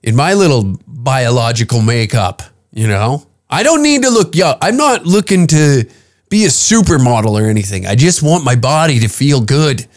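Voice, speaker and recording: A man's voice: mid-range voice, lively intonation, normal speed. A man in his fifties hosting a comedy podcast, ranting in a profane, rambling, incredulous way. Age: 50s. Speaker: podcast host.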